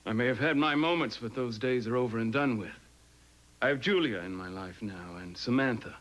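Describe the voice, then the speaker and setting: A man's voice: mid-range voice, brisk, a bit bright, close to an everyday voice, low-quality recording. An actor playing a pompous, wordy, haughty man in a soap opera. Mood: indignant.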